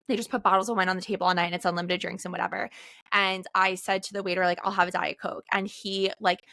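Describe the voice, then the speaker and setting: A woman's voice: mid-range voice, vocal fry, sharp tone, no echo, studio quality. A woman in her late twenties hosting a podcast, talking in a candid, heartfelt way and filling her speech with "like.". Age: late 20s. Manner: candid, heartfelt, frequent "like" fillers. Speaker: podcast host. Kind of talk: casual chat.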